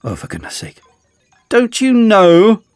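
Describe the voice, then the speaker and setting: A man's voice: very animated, moderate pace, no echo, soft background music. A man voicing a pompous, theatrical male villain who declaims and snaps with sarcasm. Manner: declaiming, shrill and exasperated.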